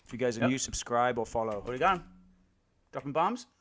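Lively, bright-voiced gaming streamer guy. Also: mid-range voice, fairly quick. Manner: profane, joking, trash-talking; laughs often. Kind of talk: live gameplay commentary.

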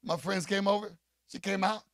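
A man preaching a rousing call-and-response sermon as pastor, rising to shouts. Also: high-pitched, steady tone, moderate pace, creaky.

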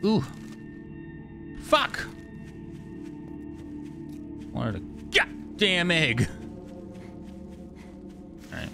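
A man giving casual gameplay commentary, excitable and profane, joking with the characters he meets. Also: fairly high pitch, drawn-out words, gravelly, long pauses, over music. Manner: excitable, profane, jokey, talks to game characters. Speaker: gamer streamer. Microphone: studio microphone.

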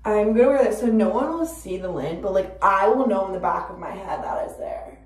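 A woman in her twenties chatting casually to camera, rambling with lots of fillers, swearing freely, and breaking into sudden loud bursts. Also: mid-range voice, fairly quick. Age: 20s. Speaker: vlogger. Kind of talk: casual chat. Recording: roomy, distant from the mic.

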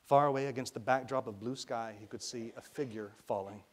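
A man's voice: medium pitch, brisk. Man from Arkansas reading a story aloud. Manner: lively storytelling narration. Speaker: author reading his novel. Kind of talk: reading a children's novel aloud.

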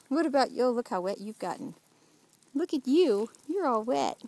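A woman's voice: sits high, lively intonation, normal speed, a little mellow, no room sound, rough recording. A mother filming her small child outdoors in a backyard, talking in a playful, doting, coaxing way and laughing often. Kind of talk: home video chat with a small child.

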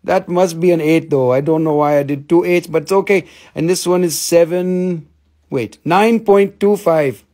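A man's voice: fairly high pitch, normal speed, dark tone. A man hosting a casual live-stream crystal sale, joking and swearing freely as he shows the stones.

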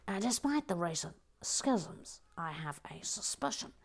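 Soft-spoken woman murmuring as she builds. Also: lowish voice, expressive, a little slow, creaky, few pauses. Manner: soft-spoken, often drops to a murmur or whisper, then perks up; fond and playful, repeats words to herself. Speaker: host building a toy set on a live stream. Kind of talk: casual chat, reading out viewer comments.

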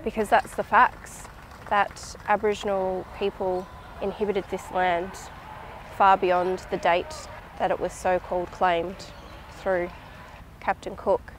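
A woman, speaking in a measured, reflective way in a documentary interview. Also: mid-range voice, level tone, a little hiss or hum, poor audio. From Australia.

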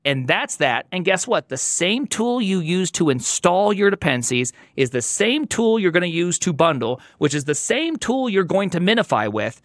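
A man talking as a podcast guest in casual tech chat, animated and opinionated, with emphatic delivery. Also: fairly high pitch, moderate pace, few pauses, dry recording, studio quality.

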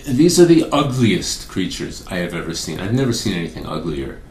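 A man voicing a disgusted male cowboy who complains in a slow, drawn-out way. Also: sits low, sing-song, darkish tone, reverberant.

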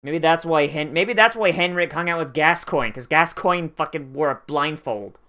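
A man's voice: a little high, moderate pace, bright, forceful tone. A man streaming a video game, talking casually with sarcastic jokes, heavy swearing and frustrated outbursts. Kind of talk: casual gameplay commentary.

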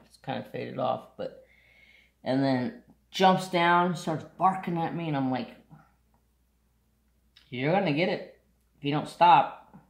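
Gravelly man rambling in an echoey room. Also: a little high. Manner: rambling, storytelling, sidetracked, blunt. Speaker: craft vlogger. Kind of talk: casual rambling chat.

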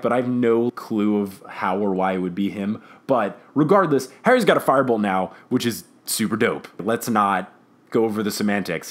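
An enthusiastic man hosting a casual podcast and recapping a book. His pitch is very lively and swings widely. He talks in slang and keeps slipping into character voices. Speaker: podcast host.

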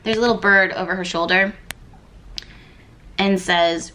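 A woman's voice: medium pitch, brisk, pushed and bright. A woman giving a casual tarot reading to camera, thinking aloud and rambling with lots of fillers and repeated words. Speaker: tarot card reader.

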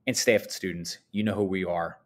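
A man giving morning announcements at a high school in an upbeat, chatty way, swooping up high for emphasis. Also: fairly even intonation, brisk, slight background noise.

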